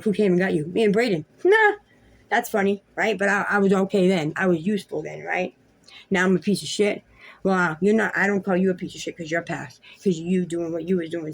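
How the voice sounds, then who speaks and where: Here a mother who vlogs delivers a ranting monologue to her camera at home, swearing hotly and confronting someone directly. Her voice is lowish and darkish, with a slight roughness.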